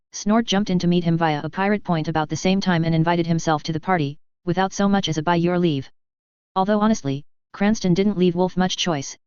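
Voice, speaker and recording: Steady first-person audiobook narrator; smooth tone, slightly dull, muffled recording. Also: medium pitch, dry recording.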